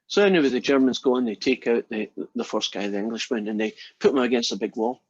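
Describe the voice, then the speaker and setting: A man's voice: medium pitch, fast talker, husky, dry recording, highs cut off. A male math instructor lecturing casually and telling a long joke to his class in a chatty, storytelling way.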